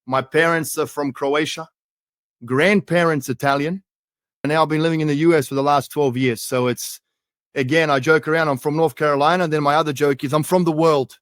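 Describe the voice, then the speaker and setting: A man's voice: a little high, steady tone, moderate pace, fairly bright tone, no room sound. Chatty Australian man, dry close sound. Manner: jokey, chatty, peppers speech with "mate". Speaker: guest. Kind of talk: casual interview talk.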